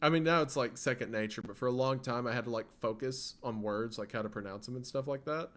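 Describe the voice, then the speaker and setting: A man streaming, talking to his chat in a loose, rambling way with a faint Southern US lilt. His voice sits at an everyday middle pitch, and he often stops and restarts his sentences. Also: quick pace, a bit bright. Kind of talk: casual livestream chat.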